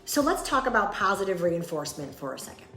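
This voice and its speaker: A woman's voice: medium pitch, sing-song, fast talker, fairly bright tone, roomy sound, faint music behind. A woman dog trainer giving earnest, plain-spoken advice and acting out sample replies. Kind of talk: instructional talk to camera.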